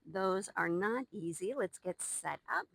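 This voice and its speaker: A young woman guiding a live Pilates workout counts reps and gives upbeat cues, out of breath from exercising with the class. Her medium-pitched voice is expressive, a little slow, creaky and somewhat bright, recorded with no echo on a new microphone.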